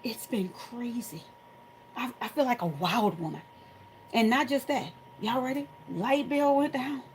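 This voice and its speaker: A middle-aged woman hosting a crafting tutorial from home, chatting casually and telling animated stories to her viewers while she works. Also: on the high side, a little slow, a little hiss or hum, low-quality recording.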